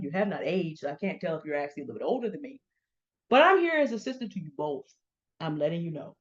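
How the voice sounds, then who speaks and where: A middle-aged woman acting as a commentary host speaks pointedly and confrontationally, addressing by name the people she's calling out. Her voice is fairly low and a little mellow, captured in dull, lo-fi sound.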